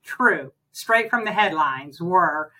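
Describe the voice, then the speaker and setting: An older woman from New Jersey, an author and interview guest, tells chatty, animated anecdotes in casual conversation. She speaks slowly in a lowish voice, and the audio is poor.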